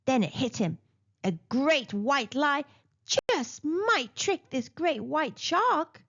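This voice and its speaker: A woman's voice: high voice, slow, muffled recording. Woman reading a picture book aloud. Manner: expressive, playful. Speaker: children's storyteller.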